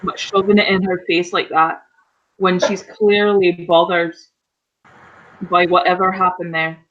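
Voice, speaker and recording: A player talking through their character's moves in a loose, rambling way, full of fillers. The voice comes across bright and forceful, but the call audio is dull and lo-fi. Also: medium pitch, little pitch movement, unhurried. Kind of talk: casual role-play narration. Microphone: online voice call.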